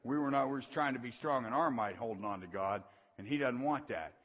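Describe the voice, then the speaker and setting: A man preaching a sermon in a folksy call-and-response style, swelling into shouted emphasis. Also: mid-range voice, brisk. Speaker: pastor. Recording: dull sound with long reverb in a large hall.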